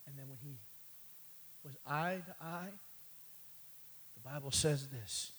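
A man preaching a sermon, calling out "amen" and "catch this" as he builds from quiet asides to loud, high passages. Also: slow pace, slight background noise, rough recording. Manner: calls for response with "amen" and "catch this".

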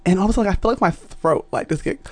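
A woman's voice: lowish voice, rapid-fire, a little mellow. A young adult woman, a podcast guest, telling a story in casual chat, laughing often and acting out the voices of people she quotes.

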